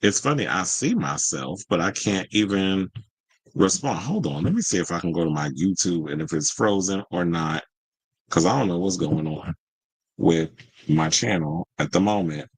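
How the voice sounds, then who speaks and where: A man with a fairly low voice hosts a casual live stream, talking straight to his viewers. He reads a news story aloud and breaks off into chatty, slightly irritated asides. The sound is dry and close, with no room echo. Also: animated, moderate pace, husky. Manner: chatty, easily irritated, talks to viewers as y'all. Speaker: livestream host.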